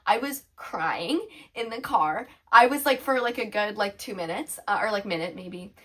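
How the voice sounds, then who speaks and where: A woman's voice: medium pitch, animated, normal speed, sharp tone. A teenage girl co-hosting a podcast, rambling in a casual, self-conscious way as she retells her night. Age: teens. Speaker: podcast co-host. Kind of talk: casual chat.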